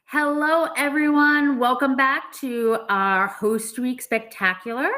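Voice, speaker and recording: A bubbly woman with a Boston accent hosts an online interview. She greets her guest with eager warmth and brisk questions. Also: high-pitched, steady tone. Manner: bubbly, apologetic. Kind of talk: webinar interview.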